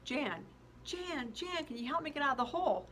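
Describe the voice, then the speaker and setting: A woman's voice: mid-range voice, animated, a little slow, fairly bright tone, slight background noise. A woman voicing a desperate woman stuck in a hole, calling out frantically for help. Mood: pleading.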